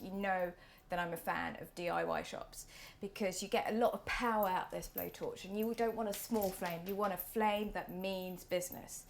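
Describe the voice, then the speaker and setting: Chatty woman demonstrating a recipe. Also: mid-range voice. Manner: chatty, playful, self-deprecating, drops to soft asides. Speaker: cooking show host. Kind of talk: casual cooking demonstration. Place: kitchen.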